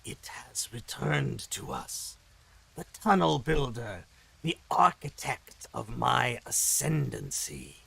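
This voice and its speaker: A man voicing an ancient female demon queen in a raspy, slow and menacing voice. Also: medium pitch, sing-song, fairly bright tone, heavily acted, low-quality recording. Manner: slow, drawn-out, looming delivery.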